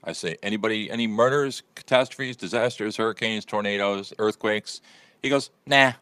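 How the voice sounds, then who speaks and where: A man's voice: on the low side, fairly bright tone, smooth, no echo. A man hosting an internet radio morning show, telling a rambling story in casual chat. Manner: fast, rambling storytelling with restarts.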